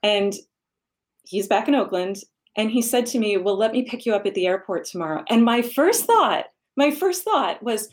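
A woman's voice: a little high, lively intonation, normal speed. A woman guest candidly recounting her own loss, speaking emphatically about letting others help. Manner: candid, emphatic, telling a personal story. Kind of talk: casual conversation about grief.

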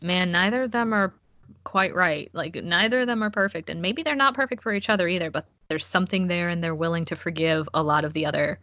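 A woman in casual movie talk, playful and quick to laugh, asking questions about the story. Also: lowish voice, sharp tone, no room sound. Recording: dry, dull lo-fi sound.

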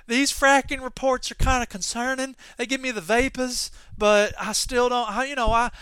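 A man's voice: very high-pitched, steady tone, moderate pace, sharp tone, clear, resonant tone, dry recording, pitched above the performer's own voice. A man putting on a Southern US accent to play a fussy, easily flustered Southern landowner, drawling in an exaggerated folksy way. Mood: fretful.

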